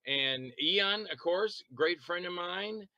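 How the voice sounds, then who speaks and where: A man chatting as an interview guest, telling long rambling stories about making films, quick to laugh and to act out what others said. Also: high-pitched, animated, pushed and bright, no echo, poor audio. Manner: rambling anecdotal storytelling. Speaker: interview guest, independent filmmaker and actor. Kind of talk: casual interview chat.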